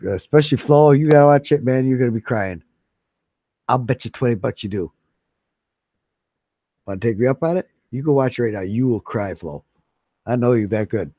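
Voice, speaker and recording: A middle-aged man with a low, mellow voice rambles through a casual streamer monologue. He swears freely and keeps stumbling and restarting his sentences. The sound is dry and dull, like a lo-fi home setup. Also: no room sound. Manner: profane, excitable, full of restarts.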